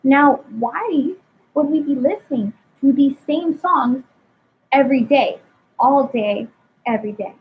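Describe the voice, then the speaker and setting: High-voiced woman host on a tinny line. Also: lively intonation, unhurried. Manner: questioning, preachy. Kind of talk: casual spiritual talk. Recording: tinny phone-like line with faint noise.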